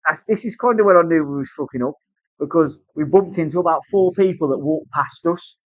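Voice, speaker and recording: A British man with a slightly raised pitch tells a rambling, casual story, swearing freely and slipping into other people's voices. The recording is dry and a little dull, with no room sound. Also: a little fast, dry recording. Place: tattoo studio.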